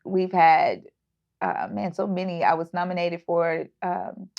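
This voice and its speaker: A woman's voice: fairly low pitch, steady tone, measured pace, vocal fry, darkish tone. A woman, a startup founder speaking earnestly in an interview, with many fillers and restarts. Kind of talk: casual interview talk. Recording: dull lo-fi audio.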